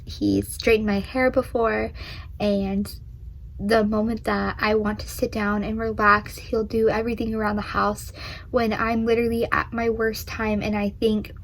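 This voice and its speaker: A woman's voice: fairly high pitch, low-quality recording. Earnest young woman telling a love story. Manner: earnest, tearful at times, many ums. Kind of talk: emotional personal storytelling.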